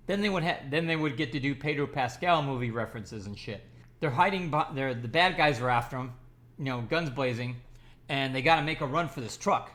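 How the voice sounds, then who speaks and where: A man's voice: mid-range voice, fairly bright tone. A man giving an enthusiastic, rambling movie review, talking casually with frequent restarts and fillers.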